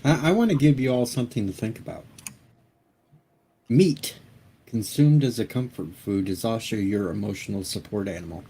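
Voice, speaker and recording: A man's voice: fairly low pitch, normal speed, mellow, slight background noise. A man in casual chat, blunt and joking.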